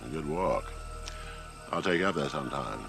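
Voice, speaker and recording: A man doing a slow-talking old rural man with a put-on southern accent and a deep gravelly drawl. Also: expressive, a bit bright, faint music behind, heavily acted. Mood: folksy. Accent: American Southern (put on).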